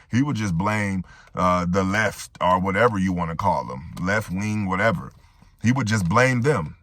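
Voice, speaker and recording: A man's voice: fairly low pitch, expressive, moderate pace, a bit bright, no room sound. A man giving a reaction commentary monologue, making rhetorical points and often tagging them with "right?".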